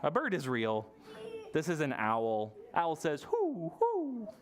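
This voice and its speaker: A storytime leader reads a Halloween picture book aloud to a room of toddlers. The voice swoops up and down with lively expression, full of playful gasps and sound effects. It is sing-song and encouraging, always pitched at small children. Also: unhurried. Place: public library storytime session.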